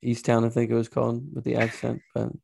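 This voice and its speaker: A man hosting a podcast who chats in a relaxed way and often agrees with his guest. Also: mid-range voice, fast talker, gravelly, background noise. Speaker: podcast host. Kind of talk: casual podcast chat.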